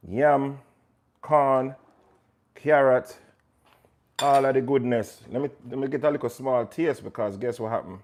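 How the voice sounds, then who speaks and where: Chatty Jamaican chef, joking with viewers. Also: male voice, mid-range voice, darkish tone, slight background noise. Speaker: chef hosting a livestream. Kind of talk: casual live cooking chat.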